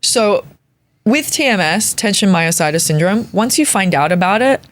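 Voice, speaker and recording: A woman in her forties, a comedian guest on a podcast, telling a story in an animated, comic way with casual swearing. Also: mid-range voice, normal speed. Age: 40s.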